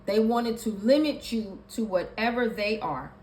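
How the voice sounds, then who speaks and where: A woman's voice: a little high, measured pace, a little mellow. A woman giving a tarot reading, talking emphatically and repeating her points as she lists card meanings. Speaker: tarot reader. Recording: echoey room with faint ambient noise.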